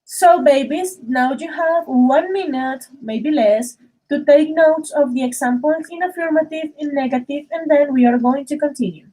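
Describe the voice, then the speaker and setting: A woman's voice: high voice, normal speed, dark tone, poor audio. A woman teaching English in an online class over a video call, explaining grammar affectionately and calling students dears. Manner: affectionate, calls students dears and babies, mixes in Spanish.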